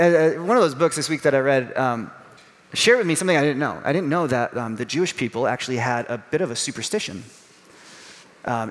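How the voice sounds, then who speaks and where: A male pastor giving a sermon in a conversational, animated way, acting out little voices as he tells the story. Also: fairly high pitch, long reverb tail.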